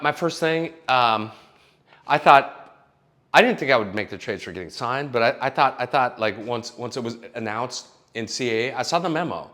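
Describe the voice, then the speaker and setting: A young Los Angeles screenwriter with a medium-pitched voice gives blunt, casual advice in an animated way. He swears often and keeps restarting his sentences.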